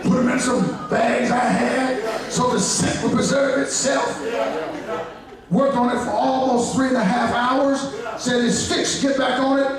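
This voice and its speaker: A man preaching a revival sermon, telling stories in folksy asides and building from low narration to shouted climaxes, with the congregation answering back. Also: flat delivery, unhurried, a loud crowd. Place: church sanctuary. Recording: echoey church hall from far off, congregation. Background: congregation responding.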